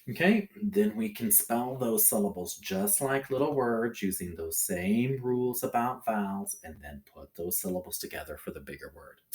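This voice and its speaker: A man teaching a recorded phonics lesson to children, talking in a slow, sing-song way and checking in often with the listener. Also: fairly low pitch, fairly bright tone. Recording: echoey room.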